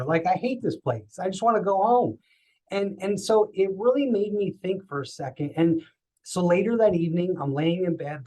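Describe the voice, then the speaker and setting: In a low-quality recording, a man appearing as a podcast guest recounts something from his own life in a somewhat high voice. He's lively throughout and performs the voices of anyone he quotes.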